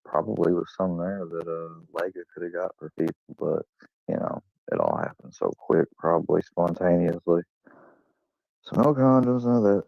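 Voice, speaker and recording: A man's voice: low voice, lively intonation, moderate pace, gravelly, no room sound. A young man rambling through a crude, self-mocking personal story in casual vlog style. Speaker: vlogger. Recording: dull lo-fi dry recording.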